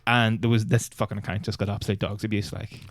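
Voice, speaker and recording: A man's voice: fairly low pitch, flat delivery, fast, dry recording, studio quality. A young man co-hosting a podcast, rambling and swearing freely in casual chat. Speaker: podcast co-host.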